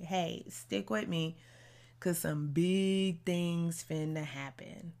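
A woman's voice: fairly low pitch, slow, gravelly, a little mellow. A woman hosting her own podcast in a casual solo monologue, blunt, slangy and outspoken. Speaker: podcast host.

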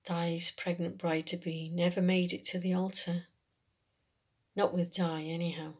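Woman reading a first-person story, low voice, takes her time, chatty local dialect. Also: little pitch movement, slightly rough. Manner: unhurried, conversational storyteller's voice in a working man's dialect. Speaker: story reader.

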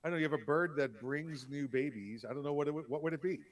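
A man's voice: on the high side, quick pace. A man co-hosting a casual political talk podcast, speaking plainly with short replies. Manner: plain, terse, reads ads. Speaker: podcast co-host.

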